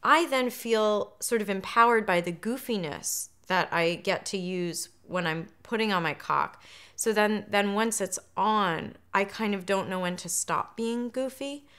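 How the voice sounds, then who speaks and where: A woman speaking candidly in an interview, hesitant and self-reflective with frequent pauses. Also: medium pitch, fairly bright tone, clear, resonant tone.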